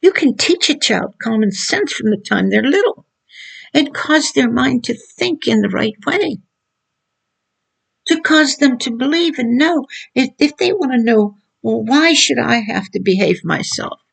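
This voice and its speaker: A woman's voice: high voice, expressive, measured pace, creaky, husky. An older woman giving earnest, preachy Christian advice on raising children, repeating her points as she goes. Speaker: mother giving parenting advice. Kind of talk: informal Christian teaching monologue.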